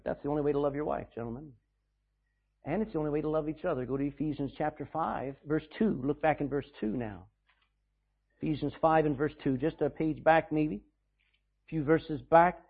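Male pastor mid-sermon, high-pitched, emphatic; tinny phone-line quality. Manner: preaching with emphatic swings in volume, reading scripture slowly. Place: church sanctuary.

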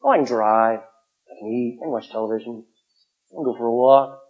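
A middle-aged male pastor preaching a sermon, emphatic, swinging from loud calls to hushed asides. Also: medium pitch, fairly quick, breathy edge, narrow, tinny audio.

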